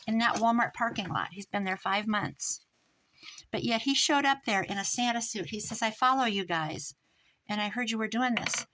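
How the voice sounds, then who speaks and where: A middle-aged American woman tells a long story in a loose, chatty way, circling back and acting out what people said. Her voice sits in an ordinary middle pitch. A faint hiss and the odd click run underneath. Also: normal speed, rough recording. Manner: rambling, animated retelling with restarts and quoted dialogue. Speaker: crafting vlogger. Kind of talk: casual storytelling chat.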